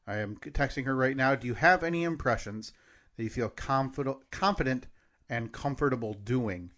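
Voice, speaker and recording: Male podcast co-host, bright voice, playful banter, laughs easily. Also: medium pitch, moderate pace. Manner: joking, laughs often. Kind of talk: casual chat.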